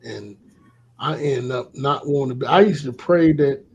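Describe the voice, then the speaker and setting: A man, telling a candid, confessional story in casual chat, often trailing off softly. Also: mid-range voice, moderate pace, slightly rough, highs cut off.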